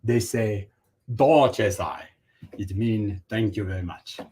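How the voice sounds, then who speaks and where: A man's voice: fairly low pitch, flat delivery, measured pace, husky. A man hosting a livestream in a playful, theatrical way, joking through a mock art critique. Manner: goofy, theatrical, swings from loud declaiming to mumbling. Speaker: livestream host.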